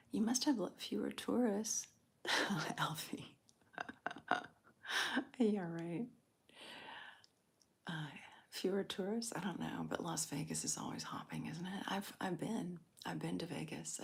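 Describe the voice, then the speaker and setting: A woman hosting a live ASMR stream, chatting with viewers in a soft, calm whisper with small laughs. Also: on the low side, gravelly, husky. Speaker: ASMR livestream host.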